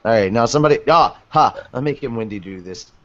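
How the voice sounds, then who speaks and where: A man's voice: mid-range voice, expressive, a little fast, fairly bright tone. A man hosting a fan podcast, chatting casually and laughing between readings. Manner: laid-back, laughing. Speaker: podcast host. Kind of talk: casual chat during live reading. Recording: dull dry podcast audio.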